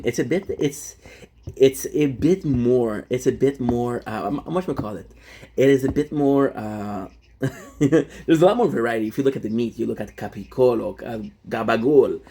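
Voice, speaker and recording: A young man whose first language is French talks casually to his live-stream chat, rambling and restarting with plenty of fillers. His voice is husky and sits at an ordinary middle pitch. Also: mellow. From Canada. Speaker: livestreamer.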